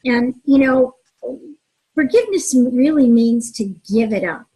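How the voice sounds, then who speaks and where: A woman's voice: sits high, unhurried, breathy edge, low-quality recording. A middle-aged woman, a mediator and relationship author, answering interview questions earnestly and telling personal stories. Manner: earnest, expressive storyteller who acts out dialogue.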